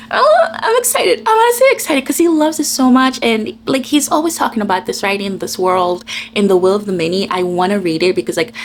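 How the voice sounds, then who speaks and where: A woman's voice: mid-range voice, slight background noise. A woman book vlogger chatting casually and animatedly, gushing about a movie and books and acting out her own reactions, with lots of "like". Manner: many fillers like "like". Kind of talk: casual chatty vlog review.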